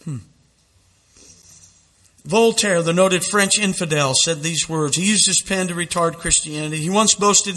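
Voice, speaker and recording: A man's voice: high voice, unhurried, pauses often, pushed and bright, big-room sound. A man preaching a fiery sermon, dramatic and intense, reading quotations aloud with mounting feeling. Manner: dramatic, reads quotes aloud with rising intensity. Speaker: street preacher.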